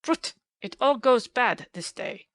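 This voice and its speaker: A woman's voice: mid-range voice, very animated, moderate pace, pushed and bright, no echo. A woman voicing a kindly, stout middle-aged male professor who speaks emphatically in a storybook reading. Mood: exasperated.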